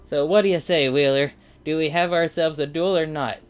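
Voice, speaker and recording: A man's voice: fairly high pitch, fairly even intonation, normal speed, clean tone, faint music behind, voice pushed up, natural voice. A man reading out the lines of a cocky young male biker duelist, without any real accent. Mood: taunting. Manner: reading game dialogue aloud, slightly raised.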